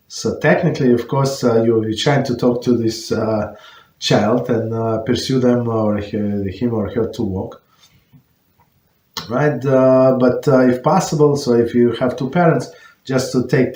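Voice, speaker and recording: A man's voice: mid-range voice, a little mellow. A man, a rabbi, explaining points of religious law to an online class and searching for words as he goes. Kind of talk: answering questions on religious law. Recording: roomy echo.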